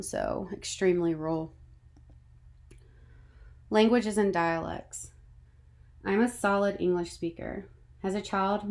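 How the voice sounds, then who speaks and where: A woman's voice: fairly low pitch, darkish tone. Woman narrating a slide presentation. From North Carolina. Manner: measured, reading a prepared script. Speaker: student presenter.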